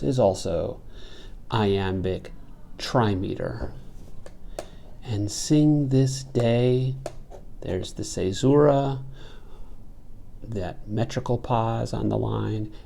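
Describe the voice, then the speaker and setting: A man giving a poetry lecture, explaining meter and reading verse aloud with slow, careful scansion. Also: lowish voice, gravelly, mellow. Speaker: literature lecturer.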